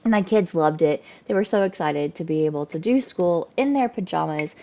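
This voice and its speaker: A woman in her thirties, a homeschooling mom, telling her story in a chatty, animated way with lots of fillers. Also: on the low side, moderate pace, lo-fi sound. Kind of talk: casual storytelling to camera.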